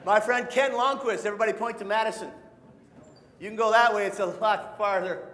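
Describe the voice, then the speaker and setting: A man's voice: sits high, steady tone, fairly quick, fairly bright tone. Playful man leading a call-and-response nature talk. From Michigan. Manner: playful, call-and-response, sings short songs. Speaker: nature educator. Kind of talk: live audience presentation for families. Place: large hall with an audience. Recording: echoey hall.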